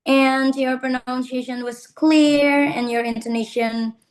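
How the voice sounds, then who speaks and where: A woman judge delivers measured, encouraging feedback to contestants. She speaks slowly, in a slightly high voice. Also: little pitch movement, soft background music, rough recording.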